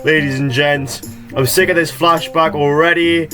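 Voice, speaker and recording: Guy recapping a game, sarcastic, swears a ton, yelps up high when annoyed, bit of music behind. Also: moderate pace. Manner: exasperated, sarcastic, swears a lot, jumps to high excited yelps. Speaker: gaming video creator. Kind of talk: sarcastic gameplay recap commentary.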